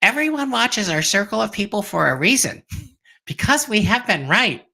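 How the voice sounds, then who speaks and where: A man putting on a squeaky, high woman's voice as a teasing impression of a friend in a casual live chat. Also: very animated, normal speed, vocal fry, sharp tone, full character voice.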